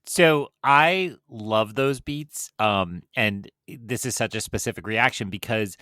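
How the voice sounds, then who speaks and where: A middle-aged man talks through a film in a loose podcast chat, his voice forceful and bright. He thinks aloud, circling back and restarting as he goes. The recording is close and dry, with no room sound. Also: on the low side, takes it slowly, dry recording. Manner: long-winded, thinks aloud with many restarts. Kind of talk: casual film discussion.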